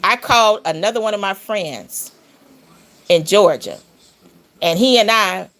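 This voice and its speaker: Gravelly-voiced woman telling a long story. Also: a little slow. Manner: animated, rambling, rising pitch on emphasis. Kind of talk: casual storytelling.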